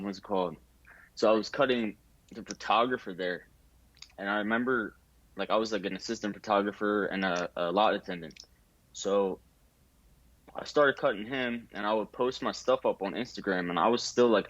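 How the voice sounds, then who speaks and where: A young barber talks through his story in a relaxed, casual interview. His voice sits low, full of fillers, and he acts out the voices of people he quotes. The sound is dry and slightly muffled. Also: moderate pace, no room sound.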